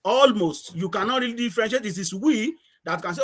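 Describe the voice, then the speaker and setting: Antiguan man, high-pitched, rambling anecdotal guest on a call. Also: lively intonation, fairly quick, a bit bright. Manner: storytelling, repeats words, laughs often. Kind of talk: casual chat.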